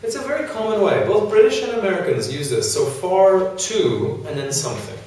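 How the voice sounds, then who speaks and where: A man's voice: high voice, expressive, moderate pace, a little mellow. A man teaching an English grammar lesson to a class, explaining with many examples and fillers. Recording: echoey classroom from far off.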